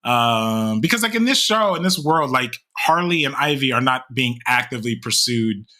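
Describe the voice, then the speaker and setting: A man's voice: medium pitch, lively intonation, normal speed, sharp tone. Chatty young man rambling between restarts. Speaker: podcast co-host. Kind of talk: casual chat.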